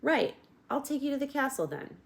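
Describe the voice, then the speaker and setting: A woman's voice: high-pitched, sing-song, fairly quick, gravelly, pitched above the performer's own voice, exaggerated voice. A woman voicing a dutiful male soldier of the king who talks in a stiff, formal, patient way.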